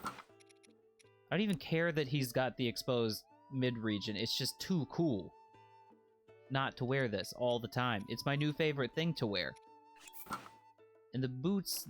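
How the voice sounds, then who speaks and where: Guy streaming a game, goofy jokey chatter, middle pitch, habitual put-on accent. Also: measured pace, pauses often, soft background music. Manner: playful and jokey, with sudden excited squeals. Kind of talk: casual let's-play commentary.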